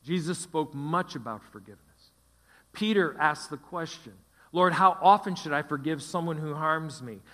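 A man's voice: a little high, normal speed, bright, forceful tone. A middle-aged man preaching a sermon as pastor, emphatic and repeating phrases for stress. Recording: long hall reverb.

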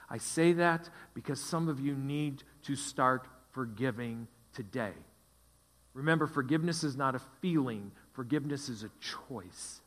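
A man's voice: medium pitch, a bit bright. A middle-aged man preaching a sermon as pastor, emphatic and repeating phrases for stress. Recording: long hall reverb.

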